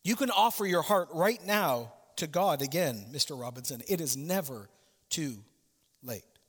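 A man's voice: fairly high pitch, lively intonation, measured pace, fairly bright tone, slightly rough, long reverb tail. A male pastor preaching a sermon, telling a story with asides and direct questions to his listeners.

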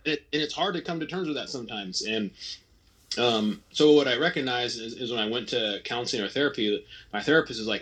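Husky and fairly bright, his mid-range voice moves a little fast as the thirty-something retired ski racer opens up at length in a relaxed interview. He restarts often, wanders, and quotes what he told himself.

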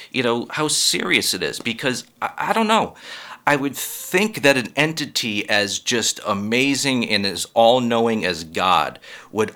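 A man's voice: mid-range voice, pushed and bright. A man comedian delivering a rambling, profane comedic monologue and laughing at his own jokes.

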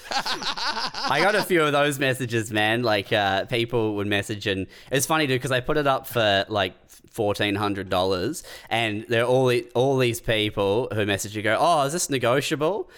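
A man's voice: mid-range voice, animated, normal speed, fairly bright tone, clear, resonant tone. A man telling laid-back stories in a casual podcast chat, swearing now and then. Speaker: podcast co-host.

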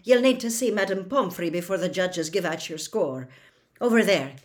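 A woman voicing a stern older female professor who speaks crisply. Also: lowish voice, expressive, moderate pace, natural voice. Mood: brisk.

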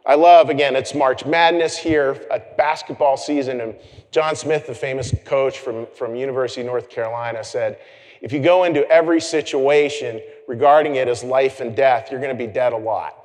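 A man preaching a conversational sermon as pastor, animated and chatty, with self-deprecating asides. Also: mid-range voice, normal speed, big-room sound. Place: church sanctuary.

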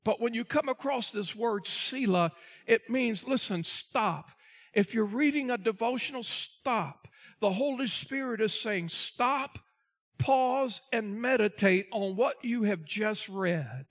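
High-voiced man preaching a sermon. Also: a bit bright. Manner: preaching with dramatic swells and drawn-out emphasis; addresses the congregation directly, asks for responses. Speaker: pastor.

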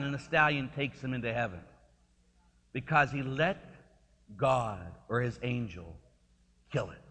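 A man preaching a sermon in an animated, conversational and emphatic way. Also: a little high, in a large hall.

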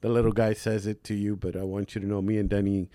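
A man co-hosting a podcast in casual chat, loud and laughing, joking with friends. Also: lowish voice, little pitch movement, fast, no room sound. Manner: loud, laughing, swearing banter. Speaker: podcast co-host.

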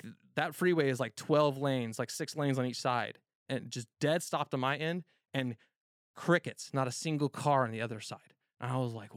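A man in his thirties telling a long story in casual, profane talk, rambling with many fillers and getting animated. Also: medium pitch, no echo, clean studio sound.

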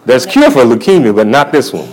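Lively, expressive preacher man. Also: medium pitch, a little fast, breathy edge, low-quality recording. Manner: folksy storytelling, chuckling often. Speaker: church elder preaching. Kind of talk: sermon testimony. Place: church convocation.

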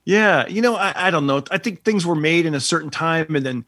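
A man's voice: on the high side, animated, a little fast, fairly bright tone, dry recording, studio quality. A married man co-hosting a casual chat, easygoing and laughing often.

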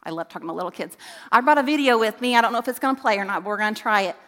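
A woman's voice: medium pitch, animated, very fast, sharp tone. A middle-aged woman, a children's ministry director, giving an earnest, emphatic talk to parents in a church, turning to quiz the kids now and then. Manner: earnest, emphatic preaching with rising questions to kids. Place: church sanctuary. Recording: long reverb in a church hall.

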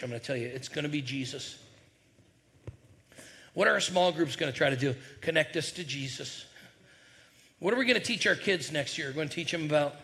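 A male pastor preaching a sermon with energetic call-and-response to his congregation. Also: a little high. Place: church sanctuary.

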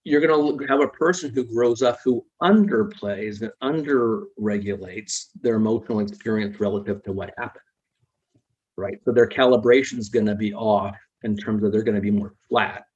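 A man with a husky, breathy voice explains psychology concepts patiently as an interview guest. He keeps checking in with little tag questions. The recording sounds dull and lo-fi. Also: lowish voice, moderate pace, darkish tone.

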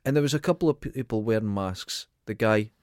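A man's voice: lowish voice, fast talker, a little mellow, no echo, clean studio sound. Sweary Dundee man telling a story. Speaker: podcast co-host. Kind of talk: casual chat.

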